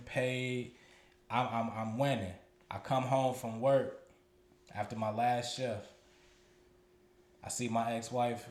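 A man's voice: on the low side, darkish tone. A man, co-hosting a podcast and telling a personal story in a loose, profane way, repeating words as he gathers his thoughts. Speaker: podcast co-host. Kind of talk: candid storytelling chat. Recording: roomy echoey room.

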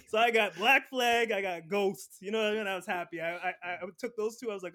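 A man telling a story in casual chat, animated and laughing often, from Canada. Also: high-pitched, a little fast.

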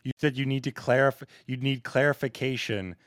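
A man's voice: mid-range voice, steady tone, moderate pace, no echo, studio quality. A man co-hosting a podcast in casual chat, pressing the others with quizzical questions. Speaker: podcast co-host.

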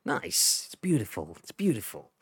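A man's voice: lowish voice, wildly swooping pitch, normal speed, husky, no room sound, clean studio sound. A man hosting a casual live-stream show, chatting loosely and reading out messages from the chat. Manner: chatty, rambling, reads chat messages aloud. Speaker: livestream show host.

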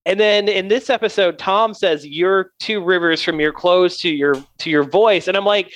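Animated man in his thirties, higher voice. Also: normal speed, few pauses. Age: 30s. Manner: animated, mimics others when ranting. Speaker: podcast co-host. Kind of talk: casual chat.

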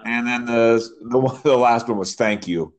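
A man's voice: mid-range voice, normal speed. Man telling ref stories. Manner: animated storytelling, mimics yelling fans. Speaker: podcast co-host, soccer referee. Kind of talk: casual chat.

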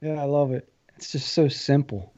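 A man's voice: medium pitch, steady tone, normal speed, warm tone. A man with a New Jersey accent chatting on a podcast in a laid-back, self-deprecating way. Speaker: podcast co-host. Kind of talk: casual podcast chat. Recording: dull lo-fi sound.

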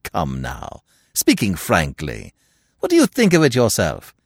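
A man reading a story aloud and voicing a sly, mocking gentleman thief with a theatrical, taunting manner. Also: deep voice, wildly swooping pitch, measured pace, no echo, pitched below the performer's own voice, heavily acted. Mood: gloating.

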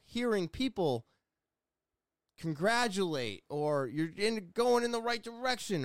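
New guy rambling on camera, smooth clear voice, kinda high, dry sound, earnest and hard on himself. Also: no echo. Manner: rambling, earnest, self-deprecating. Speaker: vlogger. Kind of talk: casual chat. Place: small home room with sound panels.

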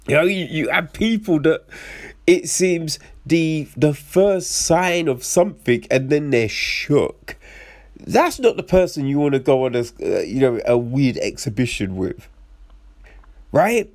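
A man's voice: on the high side, expressive, slow pace, darkish tone. A young man in a casual, rambling rant about films, swearing often, restarting sentences and asking incredulous rhetorical questions. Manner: profane, rambling, frequent restarts.

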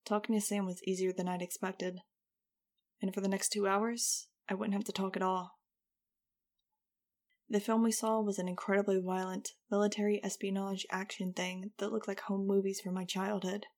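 A woman's voice: mid-range voice, level tone, moderate pace, darkish tone. A woman narrating a first-person audiobook in a wry, conversational way.

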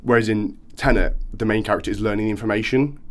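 A man in casual film chat on a podcast, animated and acting out quoted reactions. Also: on the low side, fast, slight background noise.

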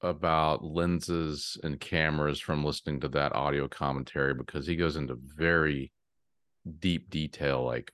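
A man's voice: extremely low pitch, steady tone, normal speed, fairly bright tone, no echo. A man who is a guest on a film podcast, talking eagerly about movies and often restarting his sentences. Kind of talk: casual film chat.

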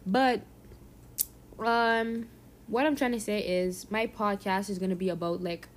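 A young woman from Saint Martin with a softened Caribbean accent, chatting casually and rambling on her solo podcast, laughing often and dropping slang. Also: medium pitch, steady tone, measured pace, slight background noise. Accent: Caribbean, softened toward a general English. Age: young adult. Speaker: podcast host.

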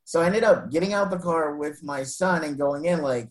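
A man telling an emotional personal story in an interview, earnest and halting, with frequent restarts and soft laughs. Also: on the high side, low-quality recording. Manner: retells exchanges by voicing both sides.

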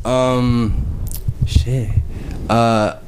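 A man's voice: mid-range voice, flat delivery, extremely slow, a little mellow, slight background noise. A young man, a guest musician, chatting casually in a radio studio interview, trailing off with fillers. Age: young adult. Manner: laid-back, trailing off with fillers.

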